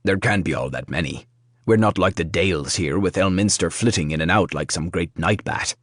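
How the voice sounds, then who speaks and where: A man's voice: sits low, normal speed, fairly bright tone, no echo, studio quality. A man voicing a nervous male seneschal who speaks hastily and babbles. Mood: flustered. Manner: hasty, babbling.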